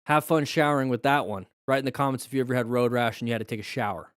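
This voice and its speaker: A man's voice: medium pitch, very fast, clear, resonant tone, dry recording, studio quality. A man hosting a casual live stream, chatty and joking as he explains first aid. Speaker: live-stream host reviewing crash videos.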